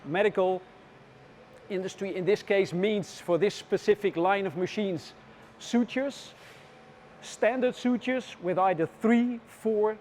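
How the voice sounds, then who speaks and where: A man with a notably high voice leads a tour through a factory floor, explaining the work in a measured, unhurried way. Faint machine noise hums behind him. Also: a little mellow. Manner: explanatory, measured, with frequent "uh" pauses.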